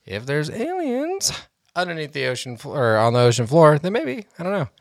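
A man's voice: a little high, sing-song, fast, dry recording, clean studio sound. A man co-hosting a casual podcast, rambling through ideas with many fillers in a laid-back way. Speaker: podcast co-host. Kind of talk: casual chat.

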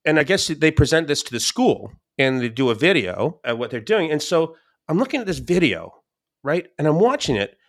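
A man, a podcast guest, telling stories in a lively casual way, often laughing and repeating words. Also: a little high, moderate pace. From Scottish-English family. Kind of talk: casual storytelling.

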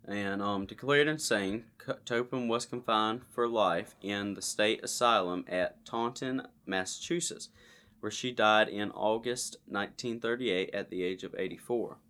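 Male podcast co-host, low-ish voice, joking true-crime storyteller. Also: measured pace, a bit bright. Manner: joking, reads a case aloud. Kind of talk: casual true-crime chat.

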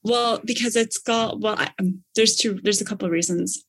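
A woman telling a personal story in casual chat, gushing and animated, acting out what people said. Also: medium pitch, fairly quick, slightly rough. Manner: bubbly, gushing, acts out quotes with big excited outbursts.

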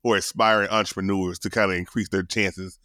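A man's voice: deep voice, flat delivery, brisk, bright, forceful tone, dry recording, studio quality. A man hosting a podcast interview, playful and encouraging toward his guest. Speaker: podcast host. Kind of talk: casual interview.

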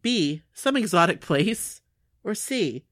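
A woman's voice: medium pitch, sing-song, slow pace, dry recording, studio quality. A woman chatting casually, teasing and laughing often. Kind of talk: casual chat.

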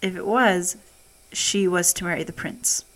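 A woman reading a fairy tale aloud, steady and expressive in her telling. Her voice sits a little low for a woman. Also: unhurried. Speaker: storyteller.

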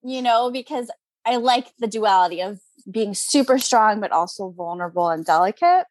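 A woman's voice: mid-range voice, animated, normal speed, darkish tone, dry recording. Chatty woman with a dry, close sound. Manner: chatty, upbeat, lots of "like" and "you know" fillers, frequent laughs. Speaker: guest, crystal seller. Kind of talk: casual interview chat.

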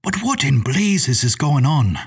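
Gentle fretful professor read by a man, husky voice, storybook. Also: fairly high pitch, very animated, unhurried, recorded from a distance, heavily acted. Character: middle-aged male professor, gentle but fretful.

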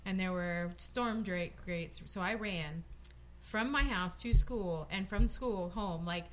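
A woman's voice: fairly low pitch, slow pace, a little hiss or hum. A woman in her thirties, a podcast guest, telling a story in amused casual chat. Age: 30s. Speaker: guest, roller derby player.

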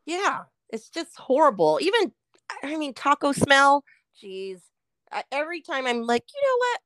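Animated ranting woman podcaster. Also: high-pitched, a little slow, dry recording. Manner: swears a lot, animated ranting storyteller. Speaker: podcast co-host. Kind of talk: casual chat.

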